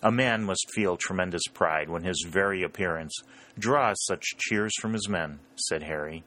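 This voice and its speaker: A man's voice: low voice, moderate pace, sharp tone. A man narrating a novel aloud, reading the characters' dialogue with a slightly raised voice. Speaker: audiobook narrator. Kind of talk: scripted narration.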